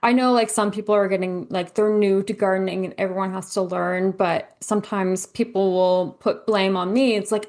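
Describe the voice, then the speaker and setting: A woman's voice: mid-range voice, normal speed, hardly any pauses, no echo. A chatty woman guest, a gardener, with a mid-range voice for a woman. She tells stories with animation, acting out the lines she quotes and using "like" often. Her sound is dry and close. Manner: animated storyteller, acts out quoted lines, says "like" a lot. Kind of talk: casual chat.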